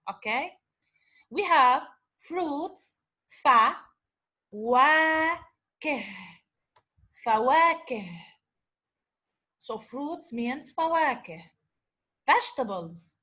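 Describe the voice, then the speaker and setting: A woman's voice: high voice, pushed and bright. A woman teaching an Arabic revision lesson, patiently sounding out words syllable by syllable. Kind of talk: revision lecture.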